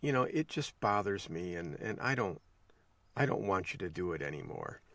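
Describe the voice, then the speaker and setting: A man voicing a meek, calm little old lady who politely and firmly insists, in his own low, gravelly voice. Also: normal speed, dry recording, recorded from a distance, exaggerated voice. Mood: calm, insistent.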